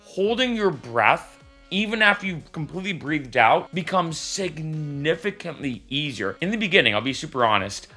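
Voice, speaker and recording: Bright, lively-voiced male vlogger. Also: a little high, moderate pace, soft background music. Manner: candid and chatty, leaning on fillers like "right?" and "I'll be honest". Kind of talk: casual vlog talk to camera.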